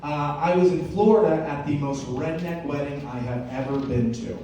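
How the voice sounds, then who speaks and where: A young man doing a stand-up comedy set on stage, telling stories with lots of filler "uh"s and slow, deadpan punchlines. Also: a little high, slight background noise. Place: comedy stage with a live audience. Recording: roomy, far-off live venue recording.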